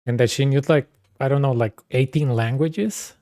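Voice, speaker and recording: A man with a mellow, darker tone and a middling pitch, chatting casually while he plays a game. He tells rambling stories full of slang and fillers, calling the listener "dude" and "man" as he goes. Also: normal speed, no echo. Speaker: streamer. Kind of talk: casual chat while gaming.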